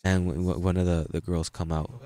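Lively, laughing preacher man, lowish voice. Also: moderate pace. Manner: lively, laughing anecdotes with frequent restarts. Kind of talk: storytelling sermon.

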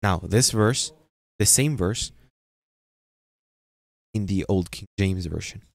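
Low-voiced guy preaching, slow scripture reading, hammers on words. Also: gravelly. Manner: emphatic, repeats phrases for stress; reads scripture slowly and deliberately. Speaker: pastor. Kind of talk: sermon.

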